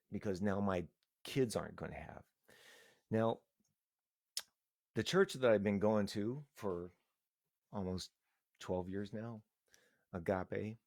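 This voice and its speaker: A middle-aged man with a very low voice talks candidly on a live stream, earnest and halting, often restarting his thoughts. The sound is dry and close, with no room echo. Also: darkish tone. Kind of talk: casual emotional live-stream talk.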